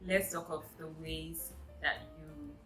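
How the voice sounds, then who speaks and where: A woman's voice: low voice, flat delivery, takes it slowly, sharp tone, roomy sound, faint music behind, poor audio. A woman vlogger giving a chatty, emphatic self-help talk straight to her viewers.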